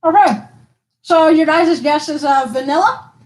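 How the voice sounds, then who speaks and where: A woman with a high, light voice hosts a relaxed live stream challenge. She bosses her guests around in a teasing way and laughs often as she talks. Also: unhurried, rough recording. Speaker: stream host.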